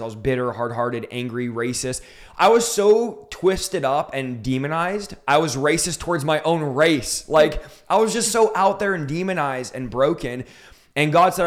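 Fervent man preaching his testimony. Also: mid-range voice. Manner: fervent, emphatic, rising to intense peaks. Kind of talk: impassioned storytelling in an interview.

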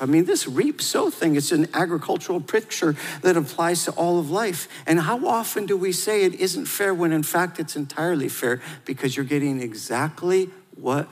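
A man preaching a sermon in a lively, conversational way, drawing the audience into call-and-response. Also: a little high, normal speed, hardly any pauses. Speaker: pastor. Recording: long hall reverb.

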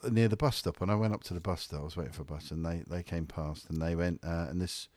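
A middle-aged man, chatting casually and telling animated stories. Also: sits low, fast, dry recording. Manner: animated storyteller, puts on American voices. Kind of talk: casual chat.

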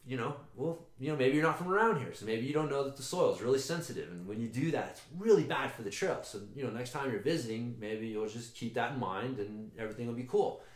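A man's voice: medium pitch, expressive, fast talker, few pauses. A man in casual chat, telling a long rambling story with swearing and frequent restarts. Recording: roomy echo.

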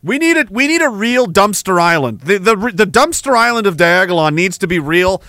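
A man's voice: sits high, big pitch swings, normal speed, bright, forceful tone, no echo. A man hosting a podcast, ranting angrily and with heavy profanity between reading chat messages, with sarcastic asides. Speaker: podcast host.

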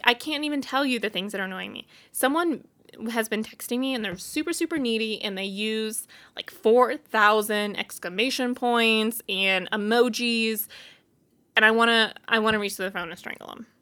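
Fairly high-pitched, bright, and forceful, this woman's voice carries a solo venting session on the podcast she hosts. She's casual, blunt, candid, and clearly exasperated.

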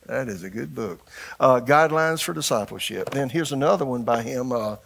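An older man preaching a sermon as pastor, animated and shifting his delivery, putting questions to the congregation. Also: medium pitch, normal speed, creaky, slightly rough.

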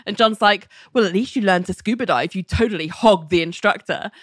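A woman in casual chat, recapping a story with animated retelling and frequent laughter. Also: mid-range voice, a little fast, no echo, clean studio sound. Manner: animated storytelling, quoting characters, laughing often. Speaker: podcast co-host recapping a TV episode.

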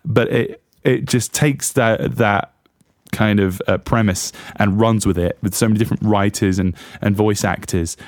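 A rambling English man chatting casually as a podcast host, his voice sitting on the low side. He restarts his sentences often and fills the gaps with ums, poking fun at himself. The recording is close and dry, with no room sound. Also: normal speed, no echo. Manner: rambling, self-deprecating, many fillers and restarts. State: recovering from chest infection. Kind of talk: casual chat.

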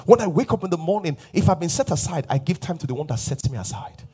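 A man's voice: on the high side, lively intonation, quick pace, mellow, breathy edge. A male pastor preaching a sermon emphatically, repeating refrains and sometimes dropping to a whisper.

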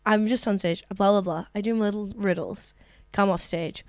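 A woman comedian co-hosting a casual chat, telling stories in an animated way and laughing often. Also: medium pitch, moderate pace, no room sound, studio quality. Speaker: comedian and co-host.

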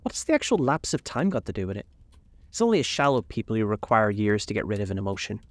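A man's voice: on the low side, big pitch swings, fast, no echo. A man voicing an anguished, earnest older male painter in a storybook reading, pained and pleading. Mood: distressed.

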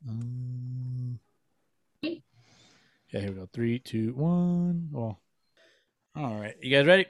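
A man's voice: mid-range voice, slow, dry recording, clean studio sound. A man hosting a podcast in casual chat, joking and swearing freely. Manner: profane, joking, loose. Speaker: podcast host.

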